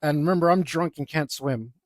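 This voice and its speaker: A man's voice: on the high side, fairly quick, no echo, studio quality. A young man casually telling a rambling, self-deprecating story, with lots of fillers, while he draws. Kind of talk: casual anecdote while drawing.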